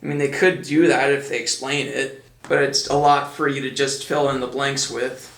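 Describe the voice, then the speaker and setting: A man's voice: medium pitch, little pitch movement, normal speed, fairly bright tone, soft background music. Sarcastic man in an echoey room. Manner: dry, mocking jokes. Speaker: video reviewer. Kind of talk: sarcastic commentary.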